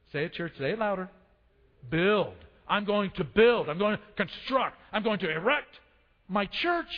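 A man preaching a sermon to his congregation, calling for responses and repeating phrases for emphasis. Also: sits high. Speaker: pastor. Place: church sanctuary. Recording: dull sound in a reverberant church hall.

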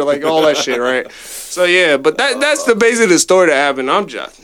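A man's voice: high voice, sing-song, moderate pace, fairly bright tone. A man co-hosting a podcast, telling a bar story in a casual, profane way with laughter. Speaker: podcast co-host.

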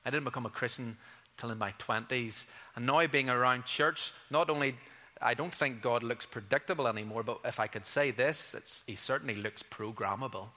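A man's voice: mid-range voice, normal speed, bright, forceful tone. A male pastor preaching a sermon. He talks earnestly and conversationally and drops in playful asides. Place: church hall. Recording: long hall reverb.

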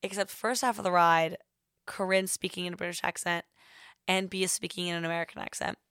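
A young woman hosting a podcast tells a rambling, casual story packed with filler words. Her voice sits on the low side with fairly even intonation and a fairly quick pace, bright, clear, and resonant in a dry, studio-quality recording.

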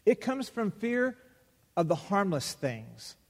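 A man's voice: high-pitched, sing-song. Preaching man in a reverberant hall. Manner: preaching with acted-out Bible dialogue, pauses for emphasis. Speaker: pastor. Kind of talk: sermon.

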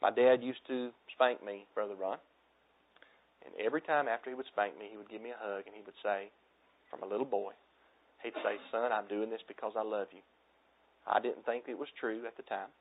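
Earnest thirties preacher, tinny lo-fi audio. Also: male voice, on the low side, fairly even intonation, fairly quick. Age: 30s. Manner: earnest, exhorting preacher, drops to soft tones for emphasis. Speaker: pastor. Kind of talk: sermon.

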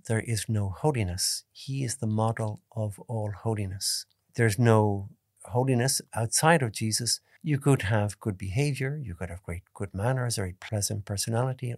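A priest giving a calm, measured spoken meditation, stressing key points by repeating them. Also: male voice, lowish voice, no room sound, clean studio sound. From Ireland. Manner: calm, measured teaching tone with emphatic repetitions.

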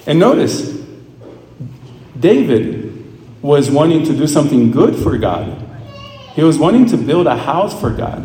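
A man's voice: mid-range voice, sing-song, unhurried, pauses often, mellow. A man, a Catholic priest, giving a conversational homily with asides and self-corrections. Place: church. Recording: echoey church with long reverb.

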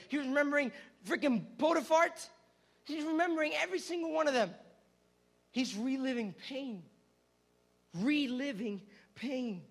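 A man's voice: extremely high pitch, a bit bright. A man preaching as a youth pastor, retelling a story dramatically with lots of repetition. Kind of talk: sermon.

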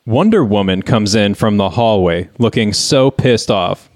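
Man, low pitch, dry close sound, deadpan reluctant reader. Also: unhurried, no echo. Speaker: co-host, reader. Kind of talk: comedic script reading and chat.

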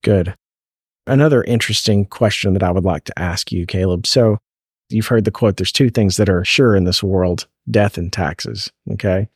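A man's voice: low voice, moderate pace, slightly rough, no echo, studio quality. A man hosting a faith podcast, asking earnest questions and quoting scripture in casual conversation. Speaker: podcast host, parent.

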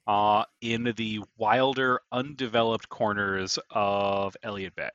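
Male game master, steady and explanatory, recorded dry on a dull lo-fi mic. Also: fairly low pitch, dry recording. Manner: measured, explanatory, many "uh" fillers. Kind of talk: narrating a tabletop game.

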